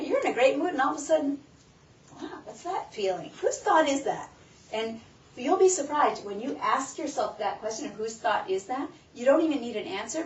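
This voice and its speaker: A woman leads a live workshop on stress, talking through it with lots of questions put to the audience. She sounds far from the microphone in a roomy space. The sound is muffled and a little dull. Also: a little high. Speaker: wellness workshop presenter. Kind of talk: live talk to a small audience. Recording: roomy, distant, muffled room recording with faint background.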